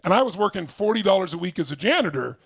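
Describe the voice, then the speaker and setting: A motivational speaker, a man, tells a personal story to an audience in an energetic way and acts out the voices of the people in it. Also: high-pitched, quick pace, gravelly, husky.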